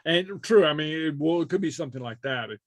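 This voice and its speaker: A man teaching an online Gaelic class in a relaxed way, with many fillers and chuckles as he talks. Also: a little high, quick pace, no room sound.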